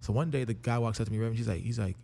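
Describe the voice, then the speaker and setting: A young man from Canada, a guest telling his life story in a casual, energetic and profane way. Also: mid-range voice, very fast, creaky, a little hiss or hum. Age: young adult. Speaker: interview guest, rapper.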